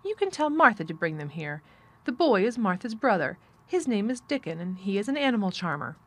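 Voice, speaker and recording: A bossy, sickly young boy who gives orders in a haughty, commanding way, as a woman reads him aloud in an audiobook. His voice rides a little higher than an ordinary adult's, with an expressive lilt. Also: brisk. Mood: imperious.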